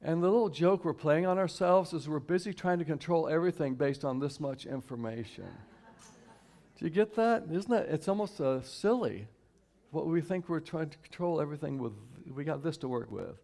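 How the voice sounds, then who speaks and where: A man from Houston speaking to a church congregation in a conversational sermon, repeating key lines slowly and inviting the audience to join in. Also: fairly high pitch, expressive, darkish tone. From Houston, Texas. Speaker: guest speaker and singer at a church service. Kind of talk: inspirational sermon talk. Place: church sanctuary, live stream.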